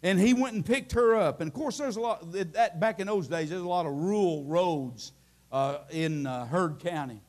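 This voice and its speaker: High-voiced preacher, impassioned. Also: male voice, normal speed. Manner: impassioned, climbing into shouting at the peaks; folksy storytelling with many restarts. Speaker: Baptist preacher. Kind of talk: sermon. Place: church.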